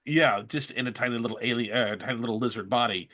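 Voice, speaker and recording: A man who is a guest on a podcast, talking things through in a thoughtful, measured way with many small hesitations. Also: mid-range voice, bright, forceful tone. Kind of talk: casual podcast discussion. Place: studio.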